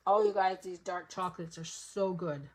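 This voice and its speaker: A woman's voice: on the low side, fairly even intonation, moderate pace, slight background noise. Chatty woman teaching a craft live. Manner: chatty, step-by-step, talks to viewers while working. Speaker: papercraft instructor.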